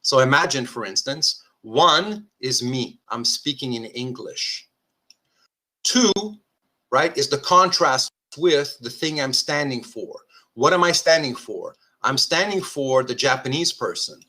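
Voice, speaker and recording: A man's voice: medium pitch, lively intonation, measured pace, pushed and bright. A man lecturing on philosophy at a diagram. He thinks aloud, often checks that listeners follow, and corrects himself as he goes. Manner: self-correcting restarts, informal asides.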